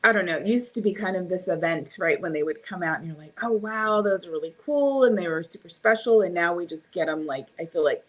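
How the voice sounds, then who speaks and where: A woman's voice: lowish voice, fast talker, hardly any pauses. A woman with a Californian accent, chatting casually as a podcast co-host, rambling and laughing often. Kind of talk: casual chat.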